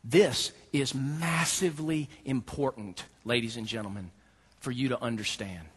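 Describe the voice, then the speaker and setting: A man's voice: medium pitch, a little slow, slightly rough. A man preaching a sermon, telling a funny personal story with lots of laughter and acted-out dialogue before turning to scripture. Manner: animated storyteller, laughing often, acting out dialogue. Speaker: pastor.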